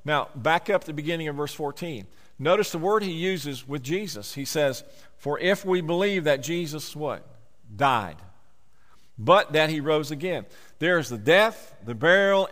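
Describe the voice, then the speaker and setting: A man preaching a sermon, emphatic, slowing down on key words. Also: on the high side, fairly bright tone, in a large hall.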